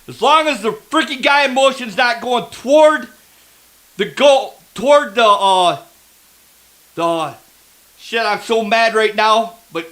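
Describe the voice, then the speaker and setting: A football fan reacting live to a game, ranting angrily and swearing at the referees. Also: male voice, very high-pitched, slow, pauses often, pushed and bright, poor audio. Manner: angry ranting, heavy swearing; heckles the referees.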